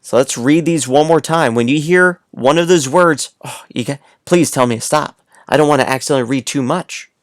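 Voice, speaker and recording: A man's voice: on the high side, moderate pace, no echo, clean studio sound. A man teaching a read-aloud lesson to young children, playful and coaxing, speaking straight to the listener.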